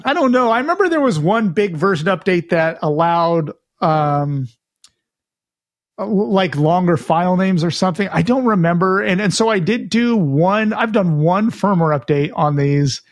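A man co-hosting a casual retro gaming podcast, chatty and relaxed, reading out listener news with his own asides. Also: high-pitched, normal speed, no echo. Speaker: podcast co-host.

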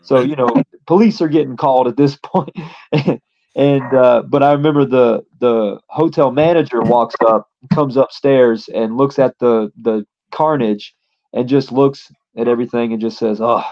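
A man's voice: medium pitch, steady tone, moderate pace, dull audio. A man, a pro wrestler appearing as a guest, telling a casual story in a rambling way with lots of fillers.

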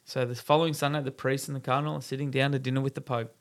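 Casting note: male podcast co-host, gravelly, relaxed rambling chat, quick to laugh. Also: medium pitch. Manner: laughs often, rambling, self-correcting. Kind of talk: casual chat, telling a joke.

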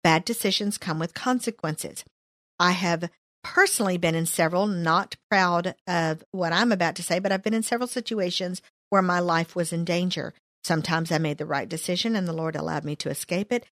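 A woman's voice: fairly low pitch, a little fast, fairly bright tone, no room sound, studio quality. A woman leading a casual Bible study, reading verses aloud and adding her own comments. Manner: reads verses then comments, playful asides.

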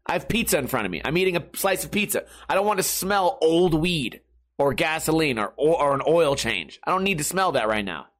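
Animated young man ranting casually. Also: a little high, brisk. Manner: profane, rambling, self-mocking, laughs often. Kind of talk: casual storytelling monologue.

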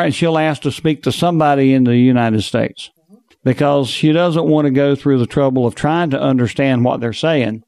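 A man's voice: medium pitch, a little mellow, dry recording, studio quality. A man who hosts the show as a financial planner, telling anecdotes in a conversational interview.

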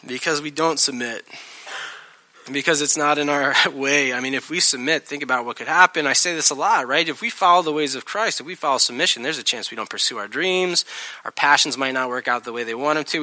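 A man preaching a sermon as pastor of his church, telling stories animatedly and acting out the people in them. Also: fairly high pitch. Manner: animated storytelling, acting out voices.

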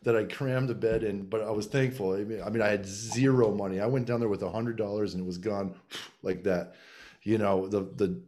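A man's voice: on the low side, steady tone, a little fast, mellow. A middle-aged man casually telling a long personal story, with many restarts and fillers. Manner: rambling, frequent restarts and filler.

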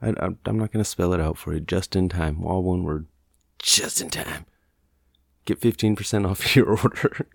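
A man's voice: deep voice, brisk, creaky, hardly any pauses, a little mellow, no echo. A man hosting a podcast in casual, rambling chat, swearing freely and mocking himself. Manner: profane, rambling, self-mocking. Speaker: podcast host.

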